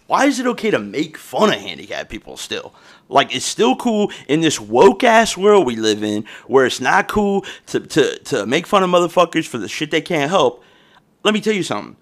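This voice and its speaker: A man's voice: a little high, fairly bright tone. A young man hosts his podcast in a loose, rambling rant. He swears constantly and talks in heavy slang. He records it on a phone. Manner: profane, rambling, streetwise slang. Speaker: podcast host. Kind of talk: casual comedic podcast rant.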